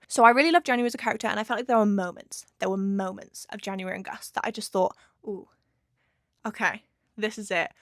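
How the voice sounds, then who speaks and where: A woman's voice: medium pitch, a bit bright, dry recording, studio quality. A woman in her twenties chatting casually about a book in a reading vlog, with lots of filler words. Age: 20s. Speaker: book vlogger.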